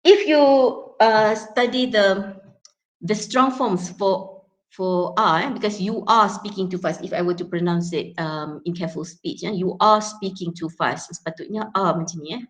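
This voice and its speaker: A woman's voice: lowish voice, a little slow. A young woman with a Malaysian accent teaching English pronunciation in a lecture, mixing in Malay words and often checking in with "yeah?" and "okay". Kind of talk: classroom lecture.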